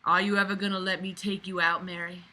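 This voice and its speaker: Woman reading an older guy begging a waitress for a date, plain read-aloud, sharp bright voice. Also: on the low side, little pitch movement, fast talker. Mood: pleading. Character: older man courting a young waitress.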